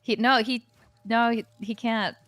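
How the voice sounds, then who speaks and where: A woman's voice: on the high side, fairly even intonation, measured pace, fairly bright tone. A tired woman chatting casually and laughing often while co-hosting an esports watch party. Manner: giggly, playful. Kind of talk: casual chat.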